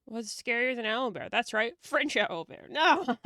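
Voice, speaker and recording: A woman's voice: fairly high pitch, animated, moderate pace, pushed and bright, no room sound, studio quality. A woman streamer chatting casually while she draws, playful and joking, laughing often.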